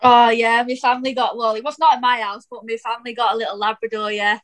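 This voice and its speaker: A woman's voice: a little high, flat delivery, fast, low-quality recording. A woman footballer as a podcast guest, chatty and giggly, rambling a little as she tells stories. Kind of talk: casual interview chat.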